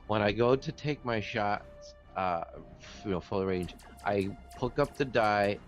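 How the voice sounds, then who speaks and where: A man with a lowish voice plays in an online tabletop game, chatting casually as he works through the rules aloud. Soft music runs faintly behind him. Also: unhurried. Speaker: player.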